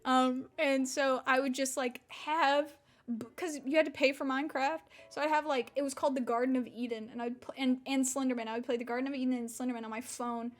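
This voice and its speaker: A woman's voice: high-pitched, steady tone, a little fast. A young woman around twenty from Mississippi, chatting casually on a stream, rambling, swearing and laughing, with an unusual slack-jawed accent. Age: about 20.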